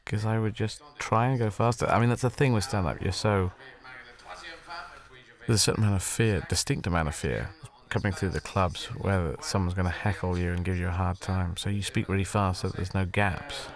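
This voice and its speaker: A man's voice: deep voice, steady tone, a little fast. A man with an English accent talking reflectively in an interview, rambling and self-deprecating, restarting his thoughts. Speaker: comedian interviewee.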